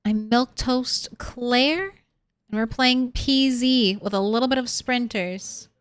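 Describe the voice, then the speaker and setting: Chill gamer girl streaming, talks slow and laughs a lot, smooth clear voice, dry mic. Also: fairly high pitch, steady tone, dry recording. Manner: chatty, laughs often. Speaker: game streamer. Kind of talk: casual gameplay commentary.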